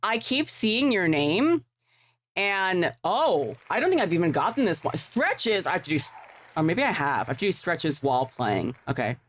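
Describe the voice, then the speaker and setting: A woman's voice: on the low side, big pitch swings, moderate pace, slight background noise. A woman livestreaming, chatting casually and rambling with offhand swearing while setting up a game. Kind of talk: casual live-stream chat while gaming.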